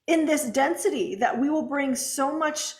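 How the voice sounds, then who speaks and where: A woman with a fairly high voice and a gravelly fry co-hosts a spiritual chat. She sounds enthusiastic and blunt, and drops a swear now and then. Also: animated, moderate pace, a little mellow. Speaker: co-host.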